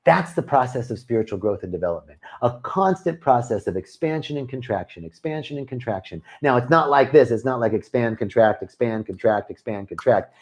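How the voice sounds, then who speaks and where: A man's voice: mid-range voice, expressive, brisk, few pauses, a little mellow. A man leading a retreat, giving a spiritual talk to a live online audience, earnest and given to repetitive, chant-like phrasing. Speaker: retreat leader and spiritual teacher.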